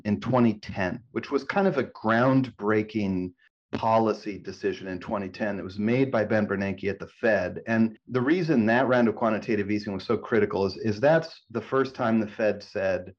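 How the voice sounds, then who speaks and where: A man who is an author and print journalist, telling his story in an energetic way with quick bursts. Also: fairly low pitch, lo-fi sound. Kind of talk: conversational interview.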